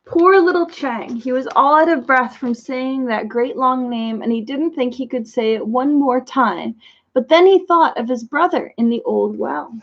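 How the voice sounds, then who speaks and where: A woman reads a children's story aloud with expressive storytelling. Her voice is high, and the recording sounds muffled and lo-fi. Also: a little slow.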